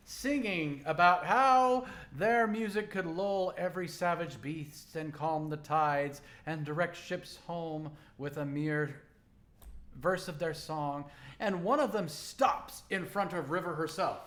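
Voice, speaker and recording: A man running a tabletop game as game master, narrating scenes and calling for rolls in an animated way. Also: fairly high pitch. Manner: animated, breaks into excited crowd voices.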